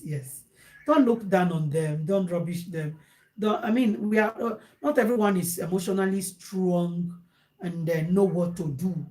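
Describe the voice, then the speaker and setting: A woman's voice: on the low side, mellow. Emphatic Nigerian woman giving advice. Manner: emphatic, repeats phrases, mixes Pidgin into English. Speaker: host. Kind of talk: casual advice talk to viewers.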